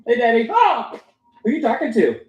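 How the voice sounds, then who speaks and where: Cheeky carefree young guy, played by a man in a comedy web short, bouncy lively pitch, echoey room. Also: brisk, lo-fi sound, heavily acted. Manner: playful and cheeky. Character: carefree, teasing young man floating in a pool. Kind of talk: comedy web series acting.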